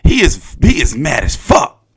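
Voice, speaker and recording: A young boxing commentator reacts casually to a press conference in loose, profane chat, unhurried, with his pitch a little high and swinging widely. He gets carried away into loud, excited outbursts, and there's a little hiss or hum on the recording.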